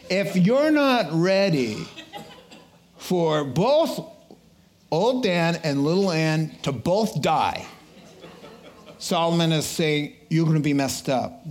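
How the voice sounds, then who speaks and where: Middle-aged male preacher, slow deliberate pace, lively anecdotal sermon style. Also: fairly high pitch. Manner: animated storytelling with laughter, slow deliberate delivery. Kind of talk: sermon with personal stories.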